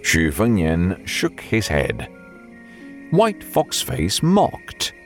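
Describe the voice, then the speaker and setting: Deep, slow male audiobook narrator. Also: huge pitch swings, faint music behind. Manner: measured storytelling.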